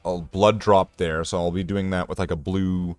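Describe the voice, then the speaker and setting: A man's voice: low voice, level tone, moderate pace, a little mellow, no room sound. A man casually chatting while painting miniatures, rambling and joking at his own expense. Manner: rambling, joking, self-deprecating. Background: faint guitar music.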